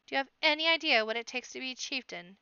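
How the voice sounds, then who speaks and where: A woman's voice: sits high, lively intonation, quick pace, pushed and bright, clean tone, dry recording, lo-fi sound, pitched above the performer's own voice, full character voice. A woman voicing a bossy elder-sister rabbit. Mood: scolding. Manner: scolding, self-important. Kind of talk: amateur audiobook narration.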